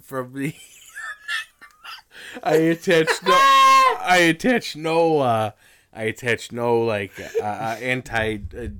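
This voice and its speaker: Bright, animated man. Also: medium pitch, slow pace, clean tone. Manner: rambling, stammering storyteller who swears a lot. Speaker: podcast co-host. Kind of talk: casual chat.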